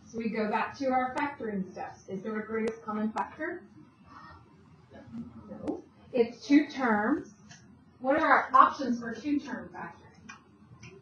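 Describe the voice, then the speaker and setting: Woman math teacher, high pitch, questioning students, echoey classroom, distant mic, faint background hum. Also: pushed and bright, dull audio. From Italian heritage. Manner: brisk, talks students through steps with questions. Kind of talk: classroom lecture.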